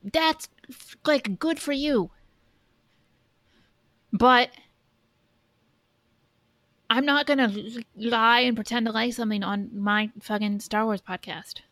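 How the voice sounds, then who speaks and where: A woman's voice: on the high side, slow pace, long pauses, fairly bright tone, dry recording. A woman co-hosting a podcast, blunt and sweary in casual chat. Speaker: podcast co-host.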